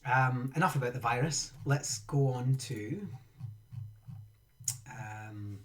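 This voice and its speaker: A man's voice: mid-range voice, slow. A man, chatting casually and rambling as he teaches a live-streamed game lesson, often breaking off mid-sentence. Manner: chatty, rambling, self-interrupting.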